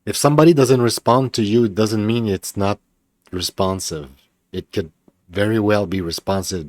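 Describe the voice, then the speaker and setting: A man's voice: low voice, a little mellow. A tired man streaming himself playing games, chatting to viewers, often muttering to himself, with bursts of swearing frustration. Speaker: game streamer. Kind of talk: casual live-stream commentary.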